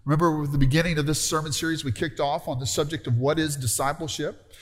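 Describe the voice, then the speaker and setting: Middle-aged male pastor, chatty sermon delivery that asks for amens, a touch high-pitched, recorded in an echoing sanctuary. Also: fairly even intonation, quick pace. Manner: conversational, calls out for amens. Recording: long hall reverb.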